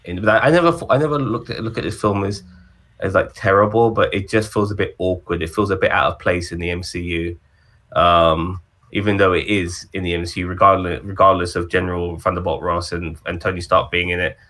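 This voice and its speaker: A man's voice: low-pitched, steady tone, a little fast, a bit bright. A man co-hosting a casual movie-ranking chat, rambling with ums and restarts. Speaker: podcast co-host.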